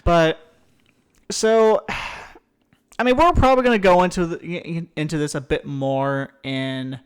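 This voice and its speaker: A man with a fairly high voice hosts a casual podcast conversation. He talks in quick, animated bursts, often restarting mid-sentence, and swears freely when he gets worked up. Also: smooth. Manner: animated, profane, rambling with restarts. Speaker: podcast host.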